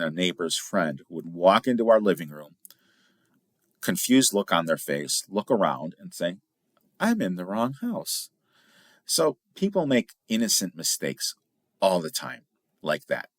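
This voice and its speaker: Deep-voiced middle-aged guy from illinois, podcast host telling stories, chatty and animated, dry close sound. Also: dry recording. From Illinois, USA. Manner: chatty, animated storyteller who jumps in pitch for emphasis. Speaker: podcast host, firearms instructor. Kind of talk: casual storytelling podcast.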